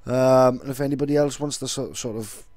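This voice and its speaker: A man's voice: medium pitch, a little fast, darkish tone, dry recording. Laid-back man rambling casually. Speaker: vlogger. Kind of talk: casual vlog talk.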